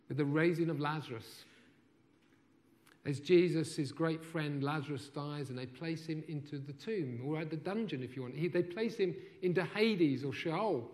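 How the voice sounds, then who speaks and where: A man preaching a sermon as a pastor in a church, rising to loud emphatic proclaiming and falling to soft, quiet questions. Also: on the high side.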